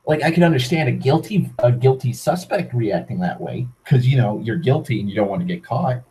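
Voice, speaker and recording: Brisk and expressive, his medium-pitched voice dark in tone, a young Massachusetts vlogger rants casually at the camera. He swears heavily, tosses in sardonic asides, and keeps restarting his rambling thoughts, all on a rough recording.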